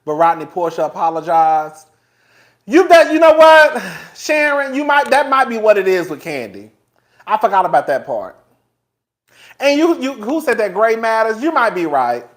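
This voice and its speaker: Animated, laughing man with lively pitch. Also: moderate pace. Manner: animated, profane, laughs often between remarks; chatty, talks straight to viewers as "girl" and "y'all". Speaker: host. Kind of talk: casual live-stream commentary.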